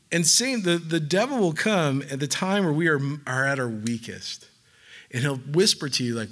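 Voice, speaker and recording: A male preacher with a slightly higher voice than most men. He preaches in a loose, conversational way, slipping in jokes and acting out the voices of the people he quotes. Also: expressive, normal speed, a bit bright. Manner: conversational, joking asides, acts out quoted voices. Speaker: pastor. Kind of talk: sermon.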